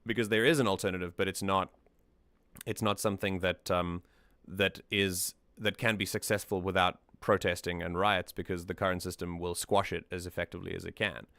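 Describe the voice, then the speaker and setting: A man's voice: sits low, flat delivery, a little fast, gravelly, fairly bright tone, no room sound. A man hosting a music analysis stream, talking things through in a thoughtful, casual way and often repeating words as he thinks.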